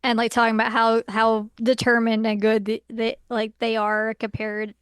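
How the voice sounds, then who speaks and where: A woman's voice: fairly high pitch, monotone, moderate pace, clean tone, no echo, clean studio sound. A woman co-hosting an anime podcast, adding wry short comments to a casual episode recap. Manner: wry, chiming in with short jokes.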